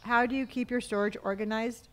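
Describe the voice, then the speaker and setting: A woman's voice: on the high side, fairly even intonation, fairly quick, a bit bright. A middle-aged woman from California, streaming a game live, chatting casually, reading viewer comments aloud and muttering to herself as she plays. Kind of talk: casual live-stream chat while gaming.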